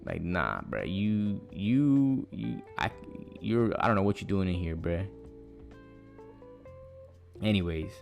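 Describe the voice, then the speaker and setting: A man's voice: deep voice, very animated, slow pace, vocal fry, long pauses, darkish tone, faint music behind. A young man, hosting a podcast and telling rambling, profane stories in loose slang. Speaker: podcast host. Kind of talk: casual monologue storytelling.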